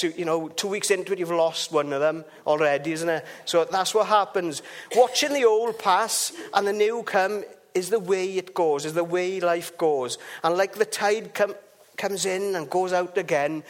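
A man giving an informal devotional talk, chatty and rambling, with asides and restarts. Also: sits high.

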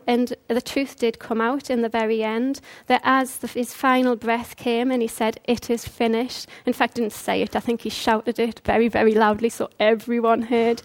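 A woman preaching a conversational sermon, earnest and full of rhetorical questions. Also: fairly high pitch.

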